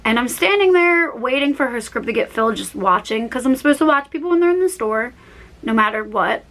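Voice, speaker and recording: A young woman in her early twenties chats through her stories with a slightly high voice. She rambles, goes off on tangents and corrects herself mid-sentence. She acts out her own lines in an animated way as she tells each story. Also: brisk, poor audio. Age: young adult, about 21. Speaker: vlogger. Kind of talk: casual storytime chat.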